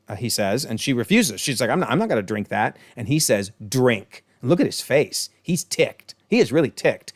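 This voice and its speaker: A man's voice: medium pitch, dry recording, clean studio sound. A man giving a casual, amused episode breakdown, chatting about scenes and often calling them hilarious. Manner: briefly acts out quoted lines in changed voices. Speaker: online TV episode reviewer.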